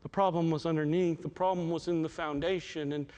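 A man's voice: on the high side, steady tone, fairly quick, mellow, clean tone. A male pastor preaching a sermon in a heartfelt way, often stumbling and repeating words as he talks.

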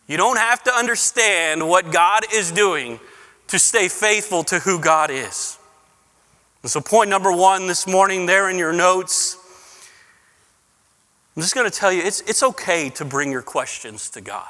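A man's voice: high voice, animated, unhurried, pushed and bright, long reverb tail. A man preaching a sermon as pastor, repeating words as he builds, rising into passionate pleading. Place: church sanctuary.

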